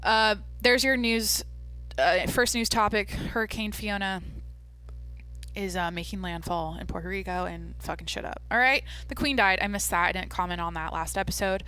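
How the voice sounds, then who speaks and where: A young woman hosting her own podcast, chatting casually in a rambling, jokey way with lots of fillers and a deadpan streak. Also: medium pitch, normal speed. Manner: self-described deadpan. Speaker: podcast host. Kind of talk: casual solo podcast chat.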